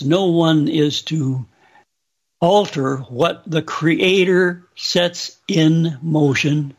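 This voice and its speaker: Slow gravelly man recounting a vision. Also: on the high side. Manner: slow, deliberate, solemn. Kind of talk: slow spoken testimony.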